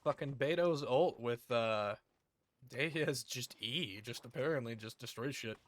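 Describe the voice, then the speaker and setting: A man's voice: mid-range voice, a little slow. A man streaming a game, chatting casually with crude jokes and rambling asides. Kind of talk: casual gameplay commentary.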